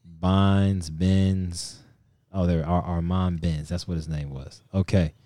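A man's voice: sits low, fairly even intonation, slow, mellow, no echo, clean studio sound. A young man co-hosting a podcast, casually telling a long story with quoted voices and stammering restarts. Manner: rambling, retells with quoted voices, stammers when worked up. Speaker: podcast co-host.

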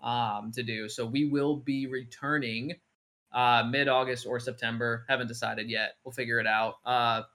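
A man's voice: mid-range voice, flat delivery, normal speed, pushed and bright. Rambling casual male podcast co-host. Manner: loose, rambling, filler-heavy talk. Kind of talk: casual chat.

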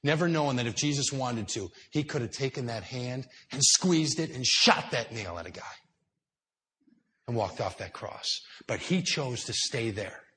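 A man preaching a sermon in a church hall, telling the story with drama and dropping to hushed tones before building up louder. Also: medium pitch, lively intonation, moderate pace. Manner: dramatic storytelling, swinging between hushed and loud. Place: indoor church hall with high ceiling.

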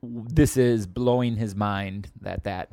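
A man's voice: lowish voice, takes it slowly, vocal fry, dry recording. A man co-hosting a casual chat, telling stories and acting out the people he quotes. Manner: animated, acts out quoted voices.

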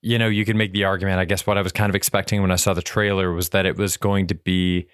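A man in casual film discussion chat, talking in a thoughtful, measured way with some hedging. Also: low-pitched, flat delivery, a bit bright, smooth, no echo, clean studio sound. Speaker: podcast co-host.

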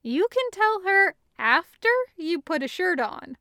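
A woman's voice: extremely high pitch, very animated, a little slow, pushed and bright, no echo, studio quality, voice pushed up, exaggerated voice. A woman voicing a firm, caring adult woman who nags a friend, in an audiobook reading. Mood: bossy. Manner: firm and nagging.

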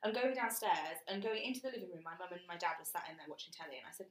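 A woman co-hosting a podcast, telling stories frankly and in an animated way, often laughing. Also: lowish voice, racing, echoey room, low-quality recording. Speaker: podcast co-host. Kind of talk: casual chat.

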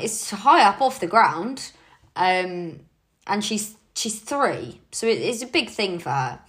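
Chatty woman giving a pep talk. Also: on the low side. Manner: chatty and encouraging, with frequent "like" and "um". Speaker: team leader. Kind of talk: casual motivational talk.

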